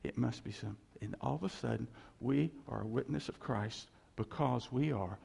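A man preaching a conversational sermon in a church hall, animated and jokey, talking straight to his congregation. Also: mid-range voice, moderate pace, creaky, husky. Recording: long hall reverb.

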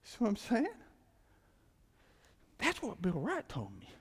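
A man preaching a casual, animated sermon, full of asides and acted-out dialogue. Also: sits high, slow, slightly rough. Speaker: pastor. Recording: church hall with long reverb.

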